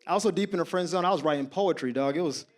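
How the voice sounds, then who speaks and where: A man's voice: a little high, racing. A man in his thirties doing stand-up comedy, telling stories and talking straight to the crowd, acting out the people in them. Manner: animated, acts out voices of people in his stories; conversational, addresses the crowd directly.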